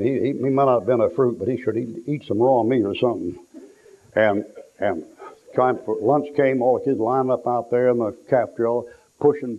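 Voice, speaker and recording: A man preaching a sermon, telling folksy stories and acting out the people in them, sometimes shouting for effect. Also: mid-range voice. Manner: folksy storytelling, acts out quotes, shouts for effect. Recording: tinny lo-fi phone-like sound.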